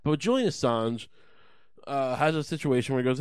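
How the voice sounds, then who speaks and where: A man's voice: medium pitch, normal speed, smooth. A man on a fiery, sarcastic rant, swearing freely and breaking into mocking impressions of the people he scorns. His voice sits in an everyday middle register, recorded dry and close with no room echo. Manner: profane, heated, sarcastic, with mocking put-on voices. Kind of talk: ranting monologue.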